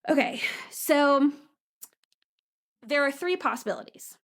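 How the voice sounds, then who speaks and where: A woman co-hosting a podcast, telling a family story in casual chat. Her voice has a gravelly, fry-tinged edge, and she laughs often between filler-filled sentences. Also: sits high, lively intonation, slow. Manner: chatty, laughing, lots of fillers. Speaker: podcast co-host. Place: apartment room.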